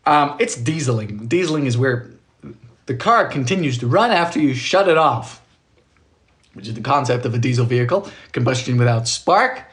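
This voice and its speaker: A man's voice: medium pitch, animated, normal speed, a bit bright. A man chatting on a live stream from his home kitchen, reading viewers' comments aloud and cracking jokes as he bakes. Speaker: home baker livestreaming. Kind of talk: casual live-stream chat.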